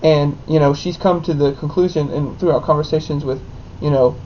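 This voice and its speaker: A young married man, the son of his co-host, telling a story in an animated way with lots of "like". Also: fairly high pitch, fairly quick. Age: young adult. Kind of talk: casual storytelling. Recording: dull lo-fi with faint noise.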